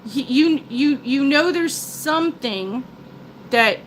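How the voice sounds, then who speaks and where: Her voice sits high and sounds animated, though she speaks slowly. This older woman, hosting a live stream, chats and rambles, restarting often and describing herself as a big talker. The low-quality recording carries a bit of hiss or hum.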